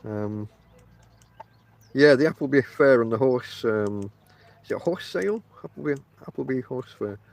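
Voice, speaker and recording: A man's voice: mid-range voice, animated, normal speed, gravelly, a little mellow, dry recording. Chatty Northern English man, dry close sound. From Barnsley, South Yorkshire, England. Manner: chatty, addresses listeners directly, many fillers. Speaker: podcast host. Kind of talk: casual rambling monologue. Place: inside a tent outdoors.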